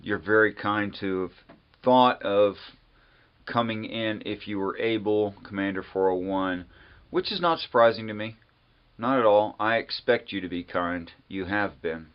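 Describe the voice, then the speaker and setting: A man hosting a solo livestream on religion, talking casually and unhurriedly with many pauses and fillers, sometimes wry. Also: on the low side, clean tone, lo-fi sound. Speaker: livestream host.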